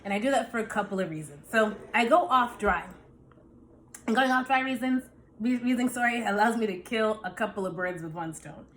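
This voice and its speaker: A woman vlogger talking casually as she tastes a dish and explains her wine pairing, relaxed and chatty with plenty of fillers. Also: a little high, a little fast, a little hiss or hum. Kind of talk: casual tasting talk to camera.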